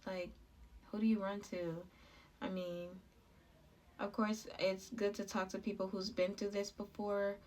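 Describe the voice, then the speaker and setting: A young woman vlogger telling a personal story in a halting, heartfelt way, full of fillers. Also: mid-range voice, level tone, a little mellow, far from the mic.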